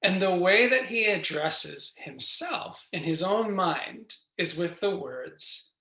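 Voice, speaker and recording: Meditation teacher from New York: slow, gentle, reflective delivery with a bright tone, over a roomy video call. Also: medium pitch, animated. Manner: gentle, reflective, unhurried, with soft laughs. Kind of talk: guided meditation talk. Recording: roomy echo.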